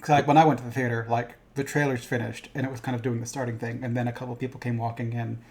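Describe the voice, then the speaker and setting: Fast-talking man in casual chat. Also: mid-range voice, flat delivery, a little mellow, slight background noise. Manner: rambling, profane, agreeable. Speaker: co-host.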